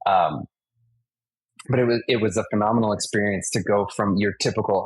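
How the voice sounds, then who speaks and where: Man, 40s, stunt performer guest, husky, vivid storyteller. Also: lowish voice, a little fast, no echo, low-quality recording. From United States (Massachusetts). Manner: animated anecdotes, acts out impacts and sound effects. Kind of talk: casual storytelling interview.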